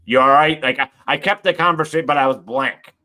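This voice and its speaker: A man hosting a casual podcast, talking in a halting, reflective way with many restarts. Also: on the high side, pushed and bright. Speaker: podcast host.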